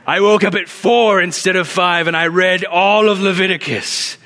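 A man's voice: high-pitched, steady tone, moderate pace, bright, forceful tone, voice pushed up. A man doing an impression of a boastful, self-satisfied male preacher, proclaiming pompously.

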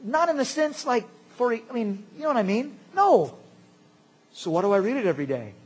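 A man preaching a sermon as pastor, animated and jokey, swinging between loud outbursts and quiet asides. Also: very high voice, brisk, husky.

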